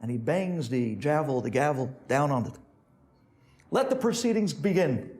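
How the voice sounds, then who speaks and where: A rabbi tells a story during a sermon, acting out each character's voice with big pitch swings. His delivery is expressive and at normal speed, with a darkish tone.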